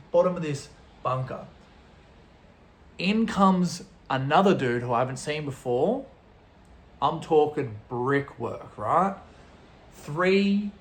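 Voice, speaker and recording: A young man, a travel vlogger, telling a story casually to camera in an animated way, throwing in sound effects. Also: on the high side. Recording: roomy echo.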